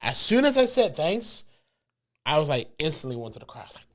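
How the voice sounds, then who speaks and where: Male podcast co-host, slightly higher voice, loose slangy storyteller who laughs easily. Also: fast. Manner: animated, laughing, slangy storytelling with acted-out quotes. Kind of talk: casual storytelling chat.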